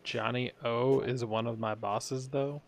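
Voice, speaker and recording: Gravelly-voiced man running a game. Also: mid-range voice, steady tone, unhurried. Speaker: dungeon master. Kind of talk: casual tabletop game chat.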